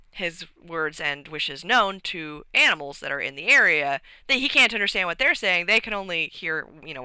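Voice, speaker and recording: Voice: mid-range voice, pushed and bright, clear, resonant tone, no echo, poor audio. A streamer rambling through a casual recap of a tabletop game session, with lots of fillers and restarts.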